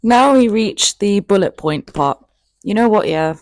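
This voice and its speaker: A woman's voice: medium pitch, expressive, measured pace, darkish tone, dry recording. A woman in her twenties telling a personal story in a chatty, candid, self-mocking vlog. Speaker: vlogger.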